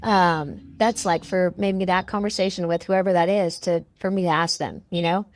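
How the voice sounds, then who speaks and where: A woman's voice: fairly low pitch, steady tone, moderate pace, dry recording, clean studio sound. A woman in a casual discussion who talks in a rambling, uncertain way with many fillers.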